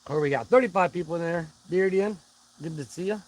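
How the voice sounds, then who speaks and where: A man's voice: high voice, a little fast, rough recording. Chatty man hosting a live stream. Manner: greets viewers by name, rambling and friendly. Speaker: livestream host. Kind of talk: casual live chat.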